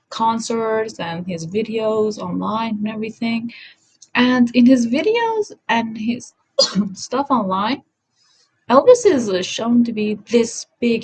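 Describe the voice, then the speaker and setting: A woman's voice: on the high side, husky, rough recording. A woman talking in a casual commentary vlog, rambling and self-correcting, often apologizing, recorded on a home setup. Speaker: vlogger.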